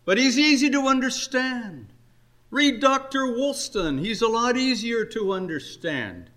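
An older man preaching a sermon, earnest and unhurried, his voice climbing on emphatic questions. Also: very high-pitched, lively intonation, sharp tone. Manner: earnest, slow exhortation with rising emphatic questions.

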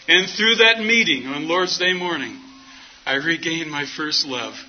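Middle-aged guy preaching, folksy storyteller, kinda high voice, muffled lo-fi sound. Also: a little slow. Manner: folksy storytelling, acts out quoted dialogue. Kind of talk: sermon with personal story. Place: church meeting hall.

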